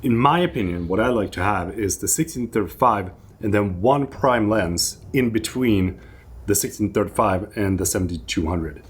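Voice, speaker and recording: A man chatting outdoors as a guest photographer, agreeable and quick with short remarks. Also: fairly low pitch, husky. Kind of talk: casual chat. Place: outdoors at a rocky sunset spot.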